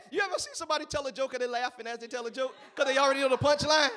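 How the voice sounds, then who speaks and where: A man preaching a sermon in church, animated, breaking into shouts and laughter. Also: extremely high pitch, racing, hardly any pauses. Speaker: pastor.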